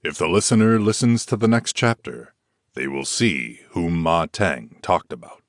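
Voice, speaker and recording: A man's voice: animated, unhurried, no room sound, clean studio sound. A man narrating a classic historical novel as an audiobook, raising his voice for the characters' lines. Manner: lifts pitch and volume for quoted characters. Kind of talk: scripted dramatic narration.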